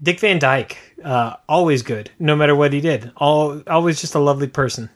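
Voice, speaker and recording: Excitable man with a slightly high voice. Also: normal speed. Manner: enthusiastic, excitable. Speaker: podcast co-host. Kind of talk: casual chat.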